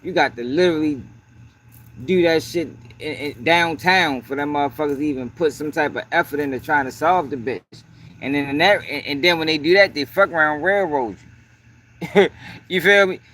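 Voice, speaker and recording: A man hosts a livestream in a voice on the high side, fairly bright, at ordinary speed. He talks loosely and profanely, says "yo" constantly, and stops to greet people in the chat between points.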